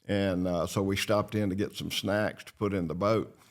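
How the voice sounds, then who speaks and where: Gravelly older Southern man. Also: low voice, fairly even intonation. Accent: Southern US, North Carolina. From North Carolina, USA. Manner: drawling, rambling with "uh" pauses, self-deprecating humor. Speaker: show host and former pro bass angler. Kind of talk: casual storytelling chat.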